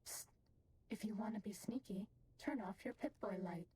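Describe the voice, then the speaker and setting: Game companion, teasing and wry, warm mellow tone. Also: female voice, a little high, very animated, a little fast, a little hiss or hum. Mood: hushed. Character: teasing female game companion, playful adult. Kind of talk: video game dialogue.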